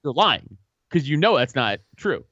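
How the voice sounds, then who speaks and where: A man's voice: medium pitch, very animated, a little slow, a bit bright, no room sound, highs cut off. A man from Staten Island, telling profane stories in a casual chat and laughing often. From Staten Island, New York. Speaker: podcast guest.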